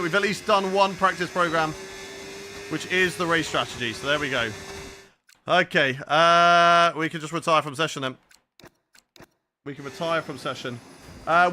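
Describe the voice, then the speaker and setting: An upbeat man with a southern English accent who streams a racing game live. His voice sits a bit high and sounds bright and forceful as he jokes around and keeps talking to his viewers. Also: a little hiss or hum. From southern England. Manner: energetic, jokey, chats to viewers. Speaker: gaming streamer. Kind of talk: live gameplay commentary chatting with viewers.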